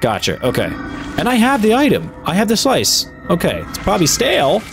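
A man commentating his own horror game playthrough, getting exasperated and shouting when things go wrong. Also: sits high, huge pitch swings, fairly quick. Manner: exasperated, yelling in frustration. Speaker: gaming YouTuber. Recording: game music behind voice. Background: game music.

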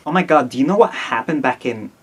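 A man's voice: medium pitch, lively intonation, fast talker, slight background noise, lightly acted. A man doing a gossipy party girl. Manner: gossipy, dramatic. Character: gossiping young woman at a party.

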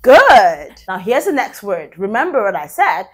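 A woman teaching a children's phonics lesson, sounding out letters slowly and praising young learners cheerfully. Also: mid-range voice, sing-song, breathy edge. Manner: slow, drawn-out letter sounds.

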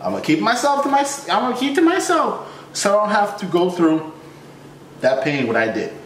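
Man, comic storyteller, high-ish lively voice, roomy sound, slangy and frank, acts out his reactions. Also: fairly quick, far from the mic, slight background noise. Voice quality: animated, swings between high yelps and low mutters. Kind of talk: comedic personal story.

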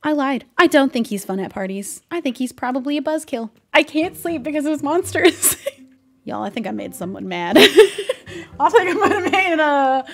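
Jittery high-voiced woman gaming. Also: sing-song, moderate pace. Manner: nervous, rambling, stammering, jokey. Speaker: Minecraft roleplay streamer. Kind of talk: in-character game roleplay chat.

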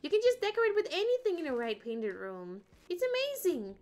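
A woman's voice: very high-pitched, huge pitch swings, fairly quick, a little mellow. A woman streamer chatting playfully and rambling as she plays, often singing little ditties to herself. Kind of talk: casual gameplay chat.

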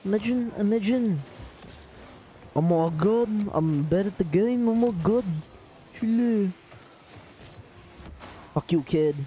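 A man with an Australian accent streaming a car-ball game live, talking to chat and trash-talking opponents in excitable banter. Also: high-pitched, slow pace, long pauses, a little hiss or hum. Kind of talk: live gaming commentary.

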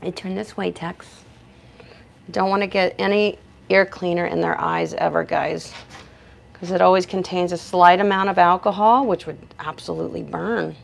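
A woman's voice: on the low side, steady tone, normal speed, gravelly. A woman who works as a professional dog groomer, giving a chatty grooming demonstration indoors in her shop and talking both to the dog and to viewers.

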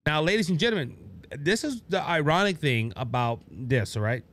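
Animated male conservative talk host. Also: a little high, normal speed. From Louisiana. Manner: animated, mocking quoted voices. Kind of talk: political commentary monologue.

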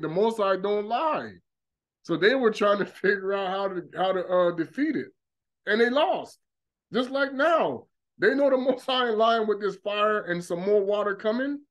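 A man preaching a fervent monologue, mocking opponents by mimicking them in quick asides. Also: sits high, a bit bright, lo-fi sound. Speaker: religious commentator.

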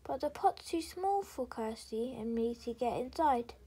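An eager, practical young girl from a storybook, voiced by a woman reading. Her voice is high and softly breathy. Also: expressive, a little slow, exaggerated voice.

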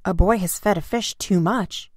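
A woman's voice: mid-range voice, expressive, normal speed, slightly rough, dry recording, studio quality. A woman voicing a group of firemen calling out orders in a storybook reading. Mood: commanding. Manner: loud, commanding calls.

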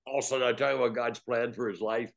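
An older man, a guest evangelist, telling animated faith stories and laughing often as he talks. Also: mid-range voice, fast, creaky. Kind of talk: storytelling testimony.

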